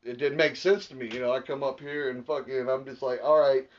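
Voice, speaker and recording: A man's voice: mid-range voice, fairly even intonation, brisk. A man from Texas, chatting casually and profanely as a podcast co-host. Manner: laid-back, profane, talks to listeners. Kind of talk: casual chat. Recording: distant, dull lo-fi recording.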